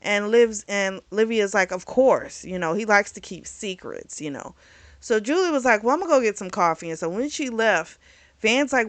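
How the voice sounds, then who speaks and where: A woman reviewing a book in casual chat, retelling the plot in a chatty, animated way. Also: medium pitch, normal speed, no echo. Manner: chatty, animated retelling with acted quotes and laughs.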